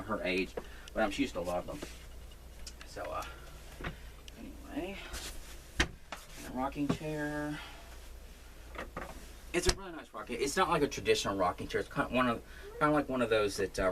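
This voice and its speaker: Low-voiced man rambling in a noisy room. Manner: rambling, full of fillers and restarts; self-deprecating. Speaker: crafting vlogger. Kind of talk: casual rambling vlog. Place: room at home. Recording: noisy home recording.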